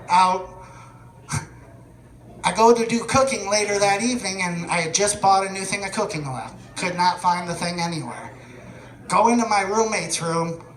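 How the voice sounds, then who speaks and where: A man performing a stand-up comedy set, telling deadpan stories that build to shouted punchlines. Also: high voice, echoey room, a little hiss or hum. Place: comedy venue stage.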